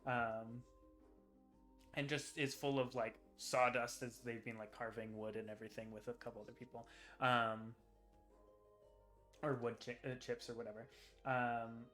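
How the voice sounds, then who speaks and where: Male game master, bright tone, easygoing and filler-heavy, faint music underneath. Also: mid-range voice, flat delivery, normal speed, pauses often. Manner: laughing, filler-heavy narration. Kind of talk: narrating a tabletop game.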